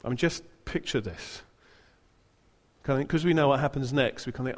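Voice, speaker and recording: A man's voice: medium pitch, moderate pace, long reverb tail. A man preaching a sermon, retelling a story with dramatic, humorous flair.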